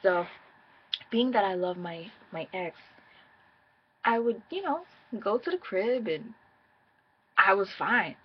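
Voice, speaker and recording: A woman tells her own story straight to her viewers, blunt and profane. Her voice is husky. The audio sounds dull and muffled. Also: medium pitch, animated, slow, pauses often. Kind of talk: casual personal storytime.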